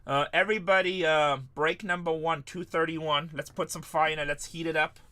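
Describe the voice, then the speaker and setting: A man's voice: a little high, steady tone, moderate pace, sharp tone. A man hosting a live card-breaking stream, tired, chatting loosely and joking back at viewers' comments. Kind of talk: casual livestream chat to viewers.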